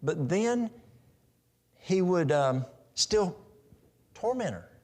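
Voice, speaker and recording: A man's voice: high voice, big pitch swings, extremely slow, a little mellow. A middle-aged man giving a practical, story-filled health talk at a church in a folksy manner. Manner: folksy, practical, tells stories.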